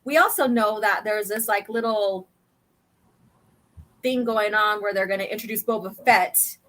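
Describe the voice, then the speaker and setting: A woman's voice: medium pitch, moderate pace, a crowd in the background. A woman hosting a casual chat, reading a comic aloud, chatty and giggly. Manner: giggly, chatty, reads dialogue in voices. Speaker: podcast host.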